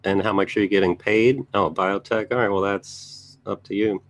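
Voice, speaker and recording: A trading educator with a lowish voice gives casual live market commentary at a moderate pace, with fairly even intonation. He thinks aloud as he scans charts and makes chatty asides to his viewers.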